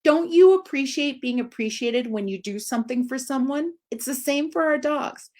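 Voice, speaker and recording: In an informal live video session, a dog trainer in her forties speaks at a moderate pace. She's expressive, pushing her voice high when she emphasizes things.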